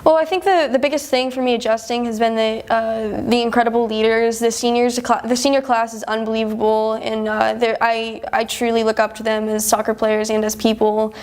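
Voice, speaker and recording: A young woman college athlete from Texas answers interview questions in earnest, modest, drawn-out sentences. Her voice sits on the high side but stays fairly even in tone, with little rise and fall. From Houston, Texas, USA. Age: young adult. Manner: earnest, modest, speaks in long rambling sentences. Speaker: college soccer player interviewee. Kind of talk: post-game sports interview.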